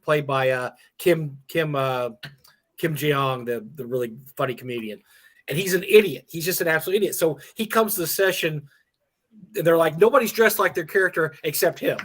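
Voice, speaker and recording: A man in casual livestream chat, rambling through animated anecdotes and acting out the quotes. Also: a little high, brisk.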